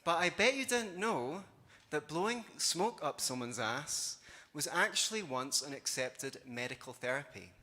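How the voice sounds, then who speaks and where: A man's voice: a little high, animated, unhurried, pushed and bright. A man giving a live conference talk, conversational and wry, with sarcastic asides. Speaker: conference speaker. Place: conference hall. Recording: long hall reverb.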